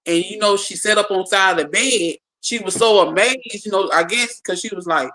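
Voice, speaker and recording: An animated speaker tells a personal story in casual talk, with a gravelly edge and a bright, forceful tone. The speaker keeps repeating and restarting words while acting out each exchange for listeners. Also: mid-range voice, moderate pace, hardly any pauses, rough recording.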